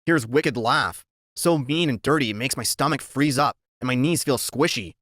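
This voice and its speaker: A man reading a children's story aloud in the first person, telling it in a lively, expressive way. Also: medium pitch, normal speed, no echo, studio quality. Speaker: reader.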